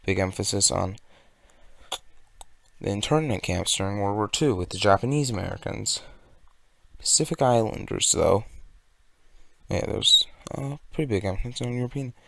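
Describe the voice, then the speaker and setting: A man's voice: fairly low pitch, moderate pace, creaky, pauses often, a bit bright, no echo. A young man from California giving a sarcastic, rambling commentary rant. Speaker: video commentator. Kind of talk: ranting commentary.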